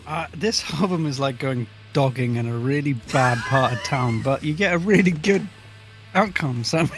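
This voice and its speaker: A man's voice: medium pitch, lively intonation, moderate pace, music in the background. A man co-hosting a casual album review podcast, joking crudely and laughing often.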